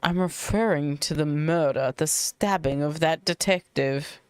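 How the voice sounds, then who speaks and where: A woman's voice: low-pitched, unhurried, noisy background, voice pushed down. A woman voicing a haughty, vindictive middle-aged cafeteria lady in a game read-through, with music behind her. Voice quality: sneering, imperious.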